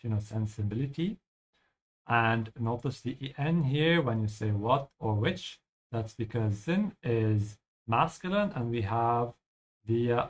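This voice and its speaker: Male language teacher, patient, explanatory, frequent check-ins, mid-pitched voice. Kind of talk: explaining vocabulary over gameplay.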